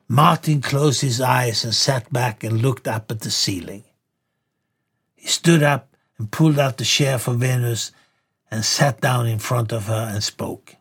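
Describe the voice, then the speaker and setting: A man reading a story aloud as narrator, in slow, measured storytelling. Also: medium pitch, husky.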